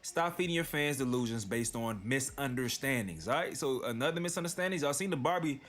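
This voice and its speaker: A man's voice: medium pitch, animated, fairly quick, a bit bright, soft background music. A man hosting a commentary channel, reading posts aloud and reacting in loose, slangy casual talk. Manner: reads tweets aloud then reacts, slangy.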